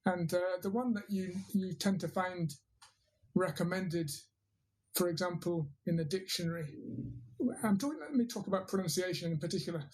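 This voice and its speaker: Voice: medium pitch, normal speed, a little mellow, rough recording. Thoughtful teacher. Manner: thoughtful, hesitant with fillers and restarts. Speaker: interviewed English teacher and trainer. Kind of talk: reflective interview answer.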